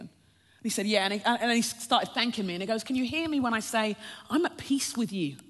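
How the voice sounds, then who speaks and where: Woman preacher, higher register, testimony storytelling with a laugh in it, long hall reverb. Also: fairly quick. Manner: storytelling, often breaks into a laugh, calls the listeners "friends". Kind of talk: personal testimony sermon.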